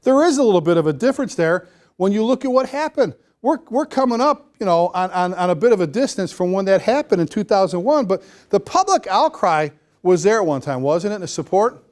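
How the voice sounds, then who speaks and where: A man speaking as a fire chief at a seminar, energetic and folksy, repeating phrases for emphasis. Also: sits high, a little fast. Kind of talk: motivational seminar talk to firefighters. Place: seminar room before a live audience.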